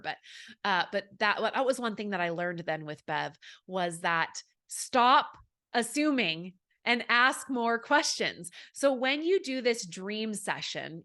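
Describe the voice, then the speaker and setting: A woman's voice: mid-range voice, a bit bright. Chatty upbeat woman podcast coach. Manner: chatty, upbeat, many fillers, acts out quoted people. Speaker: podcast host and network marketing coach. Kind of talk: solo podcast teaching.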